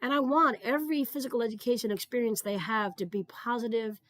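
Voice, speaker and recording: Her voice runs high and a bit bright, fairly even in intonation and quick in pace, with no echo. She is an older woman from New Jersey, a retired physical education supervisor, speaking earnestly and conversationally in a keynote and repeating key phrases for emphasis.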